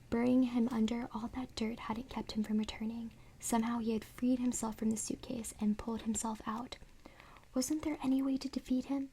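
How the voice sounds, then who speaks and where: A woman reading a children's horror story aloud in a soft, unvoiced whisper, as whispered role-play. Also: fairly high pitch, level tone, normal speed, gravelly, husky. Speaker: ASMR reader.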